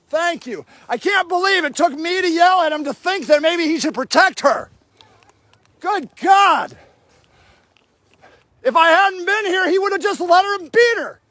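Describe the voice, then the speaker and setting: A man livestreaming from an outdoor camp in the snow, shouting angry and sarcastic reproaches at people in front of him while filming on his phone. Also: extremely high pitch, no echo. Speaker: activist filming a camp sweep. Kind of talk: livestreamed street confrontation.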